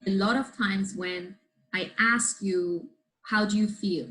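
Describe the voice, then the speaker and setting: A woman teaching a book's ideas to a live group, with a mid-range voice. She keeps checking in with her listeners and asks them questions as she explains. The delivery is lively and conversational. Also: mid-range voice, slow pace, rough recording.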